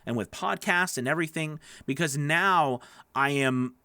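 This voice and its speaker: A man with a slightly raised speaking pitch coaches voice actors in a relaxed, chatty way and answers viewers' questions as they come in. He sounds close and dry on a studio microphone, with no room echo around him. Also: unhurried, smooth. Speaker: voice-over coach. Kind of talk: live-stream Q&A teaching.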